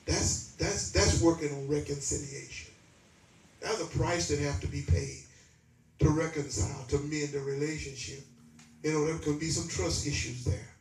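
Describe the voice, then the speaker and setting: A man's voice: on the high side, steady tone, normal speed, vocal fry, darkish tone, slight background noise. A man pastor, preaching a conversational sermon that rises to emphatic peaks. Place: church sanctuary. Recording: echoey room from far off.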